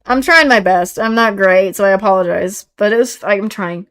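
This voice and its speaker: A woman streaming a game, reading its dialogue aloud haltingly and apologizing for her attempts at voices. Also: mid-range voice, a bit bright. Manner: apologetic, self-correcting, reads lines haltingly.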